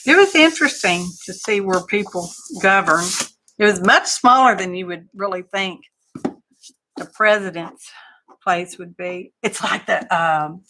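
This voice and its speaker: Chatting on her crafting livestream, a Texan-accented woman rambles folksily, spinning stories and tossing in asides. She has a sharp-toned, medium-pitched voice, and a slight hiss or hum sits on the recording.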